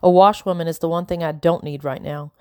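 A man's voice: a little high, fairly even intonation, brisk, dark tone, smooth, no echo, studio quality, natural voice. A woman reading the lines of a tired, formal army colonel, clipped and weary. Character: weary stern army colonel, middle-aged man.

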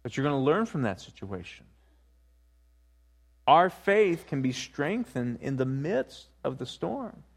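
Emphatic male preacher, slightly high voice. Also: sing-song, measured pace, creaky. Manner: swings from hushed to rising emphatic preaching, repeats key points. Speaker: pastor. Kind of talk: sermon.

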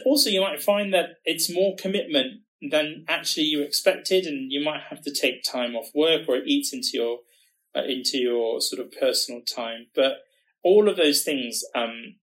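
A man co-hosting a podcast, talking in a halting way that repeats words as he gathers his thoughts. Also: medium pitch, a bit bright, poor audio. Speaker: podcast co-host working in research. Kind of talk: podcast conversation.

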